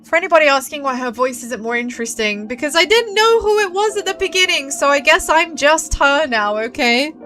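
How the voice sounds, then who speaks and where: High-pitched female game streamer, excitable and brash, with faint music in the background. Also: a little fast, hardly any pauses. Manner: loud, swearing, excitable reactions. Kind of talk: let's play commentary.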